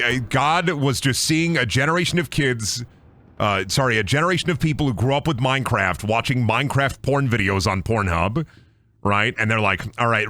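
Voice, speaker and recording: Man, young adult, streamer, rambling, jokey, lively pitch, bright tone. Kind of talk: casual let's-play commentary.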